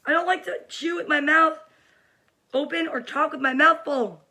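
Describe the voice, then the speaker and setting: A woman's voice: high-pitched, steady tone, moderate pace, pushed and bright. A woman hosting a cheerful daily livestream for kids from her home, chatting casually and greeting viewers by name. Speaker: host of a daily kids' livestream. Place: home room during quarantine.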